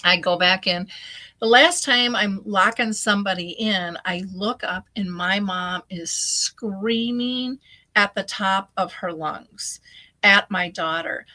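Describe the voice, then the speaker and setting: A middle-aged woman, a guest on a talk show, telling a story in an animated way and acting out the people in it. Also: medium pitch, slow pace, poor audio. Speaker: guest, dementia advocate.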